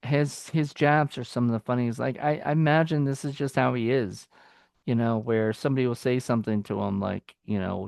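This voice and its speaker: Gravelly man rambling about movies. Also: medium pitch, steady tone, fairly quick, darkish tone, dry recording, clean studio sound. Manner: rambling, loose, with many fillers and restarts. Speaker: film review podcast co-host. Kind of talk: casual film review chat.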